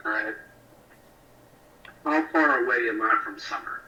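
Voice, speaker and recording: A man voices his character in a tabletop game in a plain, matter-of-fact way. His tone is very bright and sharp. He sits far from a dull-sounding mic in an echoey room. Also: medium pitch, unhurried. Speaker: player. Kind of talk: casual tabletop game play.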